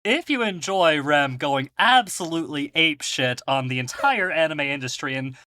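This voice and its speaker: Bright-voiced young man hosting. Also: a little high, lively intonation, moderate pace, dry recording. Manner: upbeat, joking plugs. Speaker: podcast host. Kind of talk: casual chat and show outro.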